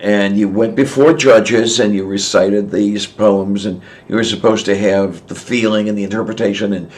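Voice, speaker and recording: A man from southwest Pennsylvania hosting a casual livestream chat, rambling and chuckling, often trailing off softly. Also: lowish voice, steady tone, moderate pace. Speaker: livestream host.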